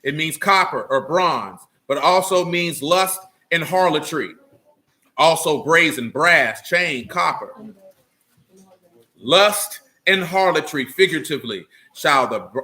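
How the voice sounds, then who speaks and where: A man leading a scripture lesson for a small group, asking questions and drawing out words slowly, with a stern, scolding manner. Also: on the high side, lively intonation, pushed and bright. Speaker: teacher of a small religious assembly. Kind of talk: scripture teaching with questions to listeners.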